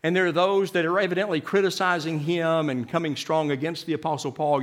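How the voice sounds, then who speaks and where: A man preaching a sermon, swinging from loud, emphatic lines to hushed ones and often repeating his words. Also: a little high, steady tone, brisk.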